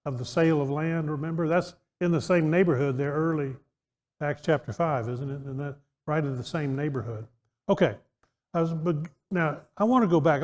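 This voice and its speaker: This man's voice sits fairly high with a darkish quality. He teaches a Bible class interactively and conversationally, quizzing the people listening and often restarting what he's saying, all in a church auditorium with a reverberant hall sound.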